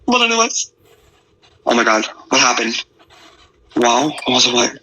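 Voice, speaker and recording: A man's voice: medium pitch, big pitch swings, unhurried, bright, forceful tone, poor audio. A man giving rambling, blunt, profane casual commentary to an online audience.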